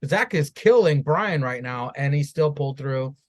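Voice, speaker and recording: A man's voice: fairly high pitch, lively intonation, moderate pace. A man co-hosting a podcast in casual chat, earnestly talking through his reasoning. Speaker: podcast co-host.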